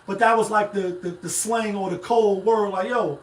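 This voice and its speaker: A man's voice: high-pitched, fairly even intonation, moderate pace. A man hosting a live-stream talk show, rambling in casual, profane commentary straight to his viewers. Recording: echoey room, mic at a distance.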